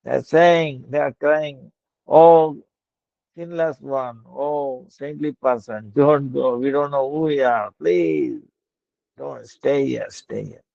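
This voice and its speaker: A man voicing a saintly, compassionate king in a told story, with a gentle, pleading manner. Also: medium pitch, slow, vocal fry, dry recording. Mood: earnest. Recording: dull lo-fi dry recording.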